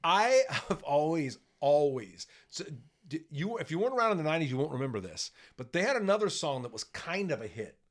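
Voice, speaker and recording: A man co-hosting a casual music podcast, talking in a rambling, animated way with many restarts. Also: on the high side, fairly quick. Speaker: podcast co-host.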